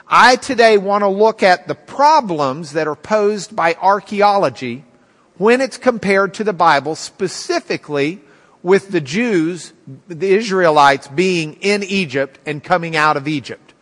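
A man in his fifties gives a Bible class to a live audience, his fairly high voice bright and clear. He talks in a loose, conversational way, full of ums and restarts. A long reverb from the large room trails after each phrase. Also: animated, measured pace. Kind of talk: storytelling lecture.

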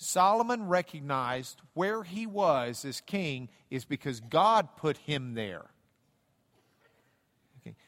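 Man, high voice, slow deliberate Bible lecture, loose and chatty, big reverberant hall. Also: a bit bright. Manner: conversational, repeats words, jokey asides. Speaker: Bible teacher.

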